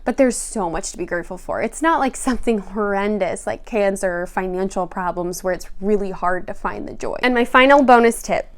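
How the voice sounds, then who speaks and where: A woman's voice: mid-range voice, brisk, hardly any pauses. A young woman vlogger and new mother talking casually to camera, chatty and emotional, laughing often and using lots of fillers.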